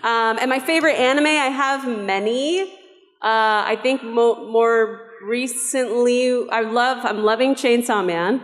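A woman's voice: a little high, slow pace, faint music behind. A woman on a convention panel talking eagerly about her favorite films. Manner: gushing, enthusiastic about favorites. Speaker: voice actor panelist. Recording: echoey convention hall through PA.

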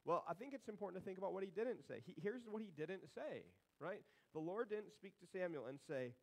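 Slightly high-voiced joking male pastor. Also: animated, brisk, vocal fry, hardly any pauses, low-quality recording. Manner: conversational, humorous, sarcastic asides. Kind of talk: sermon.

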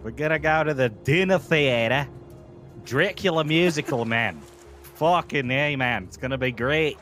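A man's voice: medium pitch, expressive, normal speed, fairly bright tone, faint music behind, close to an everyday voice. A man doing an exaggerated, put-on Australian accent as a crude, rowdy bloke who drawls slang and swears. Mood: mock bravado. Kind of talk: jokey impression on a game stream.

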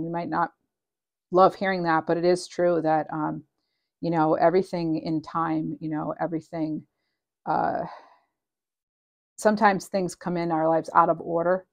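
A woman's voice: deep voice, vocal fry. A woman giving a casual, channeled tarot reading, chatty and meandering with frequent ums, reading card messages aloud. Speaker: tarot reader.

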